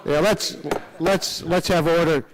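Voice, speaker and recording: Committee chairman, male, halting and good-humored, procedural delivery. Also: on the high side, steady tone, noisy background. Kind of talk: chairing a formal hearing.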